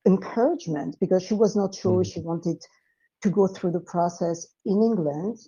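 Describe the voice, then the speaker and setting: Young french accented woman, mellow dark tone, lots of ums and likes. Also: lowish voice, moderate pace, husky, lo-fi sound. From France. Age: young adult. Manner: hesitant, full of fillers. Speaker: guest. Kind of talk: casual chat.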